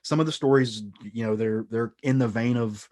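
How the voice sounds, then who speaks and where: A man's voice: mid-range voice, normal speed, darkish tone. A man hosting a podcast, casually reviewing comic books and retelling their stories in a rambling way. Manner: rambling, many fillers and restarts, retelling stories. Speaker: podcast host.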